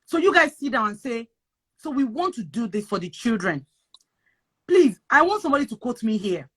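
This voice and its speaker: A woman's voice: fairly high pitch, a bit bright. A woman from Nigeria with a Nigerian accent, giving advice in an emphatic, repetitive, preachy way in casual chat. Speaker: guest sharing advice on moving abroad.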